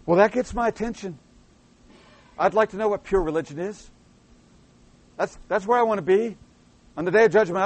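A man preaching a sermon, acting out the voices of prophets and questioners, rising to loud emphatic lines and then dropping low and soft.

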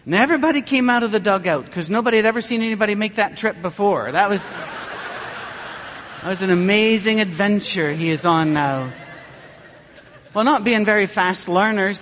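A man delivers a sermon full of wry anecdotes, mocking himself with a dry wit. His voice sits high for a man, and it rings out with a long reverb, as if through a large church hall. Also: moderate pace, fairly bright tone. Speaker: preacher. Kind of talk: humorous sermon with storytelling.

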